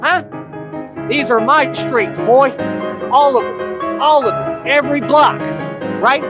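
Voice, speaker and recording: Defiant, taunting man over loud music. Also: very high voice, takes it slowly, long pauses. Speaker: livestreamer. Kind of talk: confrontational livestream rant. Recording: muffled clip with loud music.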